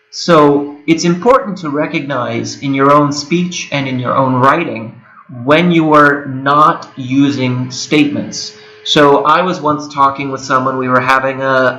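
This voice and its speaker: A man's voice: mid-range voice, bright, forceful tone. A man in his twenties giving a recorded lecture, talking casually and correcting himself as he goes. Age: 20s. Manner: conversational, with frequent fillers and self-corrections. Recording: echoey room with a whirring hum.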